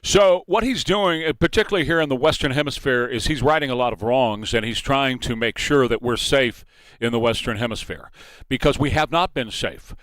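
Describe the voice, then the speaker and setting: A man's voice: mid-range voice, a little fast, a bit bright, no room sound. A man hosting a morning talk radio show, enthusiastic and partisan, laughing often on a studio microphone.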